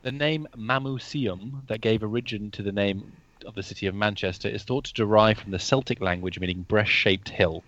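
A woman's voice: very deep voice, moderate pace, hardly any pauses, no room sound, lo-fi sound. A woman from England, a podcast guest, joking in a sweary, dry way. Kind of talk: casual comedy podcast chat.

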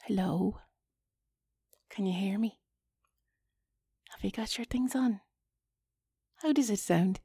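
Irish woman in a whispered role-play, husky breathy whisper, dry close sound, keeps giggling at herself and chatting. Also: medium pitch, expressive, unhurried, long pauses, mellow, no room sound. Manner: awkward, self-mocking, breaking off to chat.

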